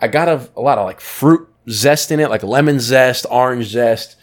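An enthusiastic man with a mid-pitched voice co-hosts a casual podcast. He talks warmly and keenly as he lays out tasting notes one by one. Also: normal speed. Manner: enthusiastic, describes flavors in detail. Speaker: podcast co-host. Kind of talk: casual chat.

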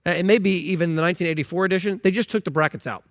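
A man's voice: high voice, racing, no room sound, clean studio sound. A man preaching a sermon on scripture, emphatic and incredulous, with frequent restarts. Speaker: pastor.

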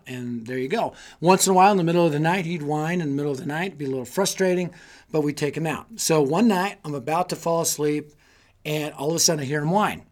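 A man giving an energetic, sermon-style talk to youth leaders, telling stories and rallying them with repeated calls. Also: a little high. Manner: energetic storytelling with repetition; exhorting, rallying listeners. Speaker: youth ministry speaker.

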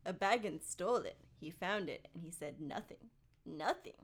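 A woman's voice: lowish voice, animated, normal speed, husky. A woman reading the part of Gollum, a wretched, scheming creature muttering to itself in a hissing, wheedling, partly whispered theatrical voice.

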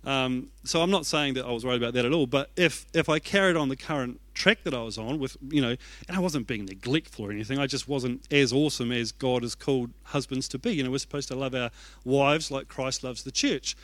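A man's voice: mid-range voice, brisk, fairly bright tone, no echo. A young man preaching a sermon as an executive pastor, telling stories in a chatty, self-deprecating way. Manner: conversational, self-deprecating storytelling.

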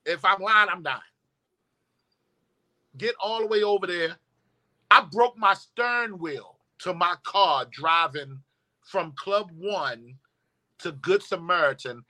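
Man, guest telling a story, emphatic and profane, forceful bright tone. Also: high voice, slow pace. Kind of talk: storytelling in casual conversation.

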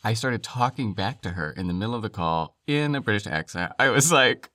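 A man co-hosting a casual podcast, telling stories in an animated way and laughing easily. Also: fairly low pitch, dry recording. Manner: animated storytelling, quick laughs. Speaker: podcast co-host. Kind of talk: casual chat.

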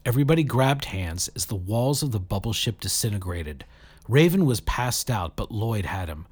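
Male narrator, lively pitch, storybook reading voice. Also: normal speed, slightly rough. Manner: animated, raising his voice sharply for shouted dialogue. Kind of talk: audiobook-style story narration.

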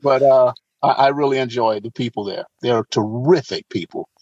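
Husky-voiced man telling animated stories. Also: medium pitch, moderate pace, dry recording, muffled recording. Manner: animated anecdotes with frequent restarts and laughs. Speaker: actor, interview guest. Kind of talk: casual storytelling.

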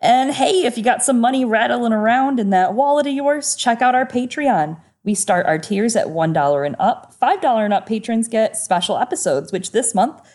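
A woman's voice: a little high, animated, normal speed, hardly any pauses, a little mellow. A woman co-hosting a podcast, chatting casually with wry, sarcastic asides. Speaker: podcast co-host.

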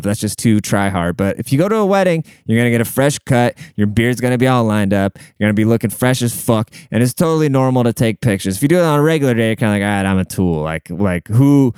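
A man's voice: mid-range voice, a little mellow, smooth, no echo. A man in his late twenties rambling in a casual, profane, slangy monologue.

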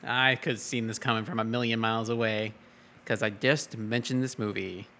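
A man's voice: fairly low pitch, steady tone, normal speed, pushed and bright. A man co-hosting a podcast in casual chat, easygoing and reading quotes aloud. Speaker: podcast co-host.

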